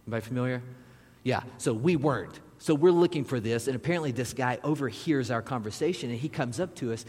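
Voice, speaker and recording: A man's voice: mid-range voice, quick pace, darkish tone, husky. A man, a pastor, delivering a conversational sermon and turning now and then to speak directly to the congregation. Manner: conversational preaching with asides to the audience. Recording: long reverb of a large hall.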